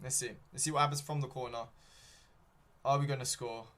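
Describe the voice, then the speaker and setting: A young man does live fan play-by-play of a football match as a streamer watching along, rambling with frequent ums and self-corrections. His mid-range voice is a bit bright and steady in tone, running a little fast.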